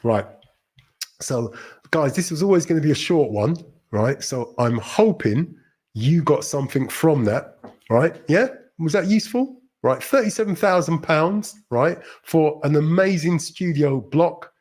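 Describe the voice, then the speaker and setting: A man's voice: on the high side, expressive, unhurried, a little mellow. A man hosting a casual live-stream vlog, talking emphatically to his viewers, often repeating phrases and checking in with "right?". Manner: rambling, restarts and repeats phrases. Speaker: channel host.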